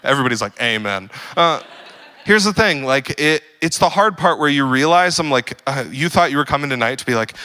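A young man preaches with an easygoing, joking manner, peppering his talk with fillers before pushing into animated emphasis. His voice is bright and forceful, sitting at a middle pitch. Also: brisk, clean tone. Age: young adult. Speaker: pastor. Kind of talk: sermon.

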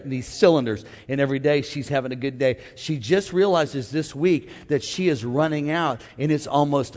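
A man preaching a sermon, joking with his congregation and shouting at the high points. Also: in a large hall. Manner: energetic, joking, shouts at the climaxes. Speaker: pastor. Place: church sanctuary.

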